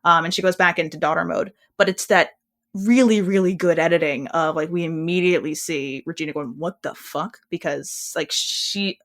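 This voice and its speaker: A woman co-hosting a chatty podcast, her voice sitting a little low. She rambles with animated energy, often breaking off and restarting her sentences. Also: moderate pace. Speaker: podcast co-host. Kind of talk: casual chat.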